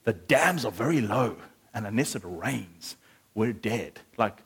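A man preaching a sermon, animated and lively at times, then hushed and earnest. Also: fairly low pitch, a little slow, breathy edge. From South Africa.

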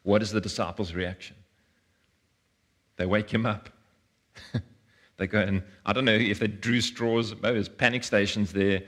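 A man's voice: fairly low pitch, fairly even intonation, a little slow, long pauses, fairly bright tone. A man preaching a conversational sermon, earnest and informal, often restarting and repeating words as he speaks.

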